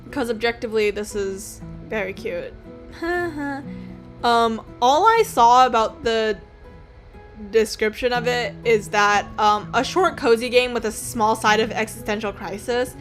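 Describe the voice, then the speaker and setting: A woman's voice: a little high, a little slow, a bit bright, faint music behind. A woman in her twenties casually playing a game, reading its text aloud and giggling often. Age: 20s. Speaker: gaming streamer. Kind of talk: casual let's-play commentary.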